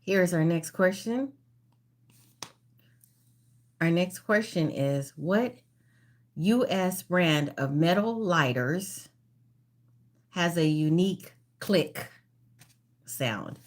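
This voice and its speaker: Slow, low-voiced woman hosting live trivia. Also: lively intonation. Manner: reads questions slowly and repeats them, greets viewers by name. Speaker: livestream trivia host. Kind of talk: casual live-stream quiz hosting.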